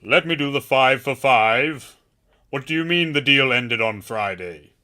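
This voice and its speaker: A man voicing a haughty, aristocratic elderly male villain with a slow, refined delivery. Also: medium pitch, expressive, sharp tone. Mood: indignant.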